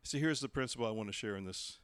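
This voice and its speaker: A man preaching a sermon, telling the story with lively delivery and acting out the voices he quotes. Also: mid-range voice, fast, clean tone, dry recording, clean studio sound. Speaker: pastor.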